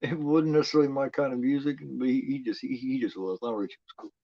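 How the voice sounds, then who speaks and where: Casual male horror watch-along host, swears a lot and rambles excitably, mid-pitched voice, dry lo-fi sound. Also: quick pace, creaky, no echo. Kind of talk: casual live movie commentary. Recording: dull lo-fi home recording.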